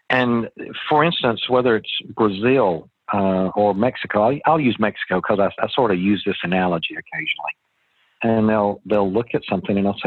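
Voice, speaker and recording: A man's voice: fairly low pitch, animated, a little fast, slightly rough, no room sound. A middle-aged man talking as an interview guest, a chatty, folksy storyteller who often restarts his sentences. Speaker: real estate investor guest. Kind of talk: casual interview talk. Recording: tinny phone line.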